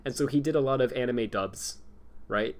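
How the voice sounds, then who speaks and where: A man's voice: mid-range voice, normal speed. Rambling young man chatting on stream. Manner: rambling, laughs often, lots of fillers. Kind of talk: casual chat.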